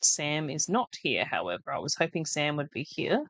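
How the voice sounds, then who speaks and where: A woman's voice: deep voice, very animated, normal speed, a bit bright, dry recording. A woman hosting a farming game let's play, with chatty, wry asides and laughing at herself. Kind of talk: casual gameplay commentary.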